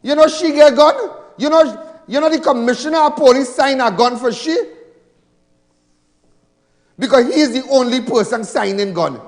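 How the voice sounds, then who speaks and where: A man's voice: extremely high pitch, moderate pace, long pauses. A Trinidadian man giving a fiery political rally speech in a large hall, emphatic, mocking and repeating his points.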